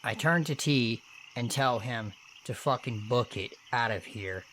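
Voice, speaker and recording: A man's voice: mid-range voice, slight background noise. Man narrating scary true stories. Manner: steady, earnest storytelling with casual swearing. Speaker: horror story narrator. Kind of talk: first-person horror story narration.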